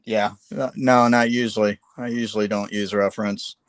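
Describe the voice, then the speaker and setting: Low-voiced, halting male artist streamer. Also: flat delivery, no room sound. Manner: halting, filler-heavy, self-deprecating. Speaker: artist hosting a live painting stream. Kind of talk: casual chat while sketching.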